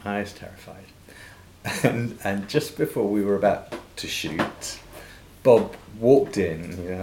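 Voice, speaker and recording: Older male actor guest, lively raconteur, slightly low voice, roomy echo and faint hiss. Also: measured pace. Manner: lively raconteur, laughs often, acts out quoted voices. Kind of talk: anecdotal storytelling in a podcast interview. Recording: echoey room with faint noise.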